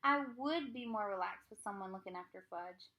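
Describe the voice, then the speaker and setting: A woman reading a children's book aloud, voicing a calm, agreeable mother in a measured, even-tempered way. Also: medium pitch, highs cut off, close to an everyday voice.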